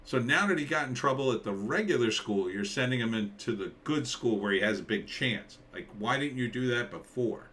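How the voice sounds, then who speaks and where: A man's voice: animated, fairly quick, few pauses, a bit bright. A man in his forties from New Jersey, rambling through a casual, sardonic trailer reaction. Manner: rambling, sardonic, jumps into mock-surprised high quotes. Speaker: commentator.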